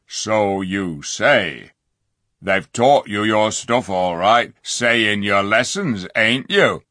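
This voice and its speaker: A man doing a gruff, sneering dwarf. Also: on the low side, animated, very slow, sharp tone, no echo, studio quality, exaggerated voice. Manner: gruff, jeering, working-class speech. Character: surly sneering male dwarf, black-bearded and scornful.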